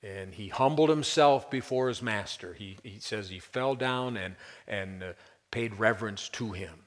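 A man's voice: on the low side, a little slow, big-room sound. A man preaching a conversational, emphatic expository sermon as a pastor. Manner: conversational, emphatic, with brief chuckles.

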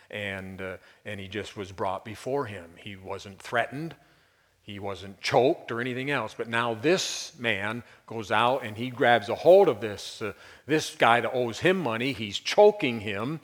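A man's voice: lowish voice, fairly bright tone, in a large hall. A man preaching a conversational, emphatic expository sermon as a pastor. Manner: conversational, emphatic, with brief chuckles.

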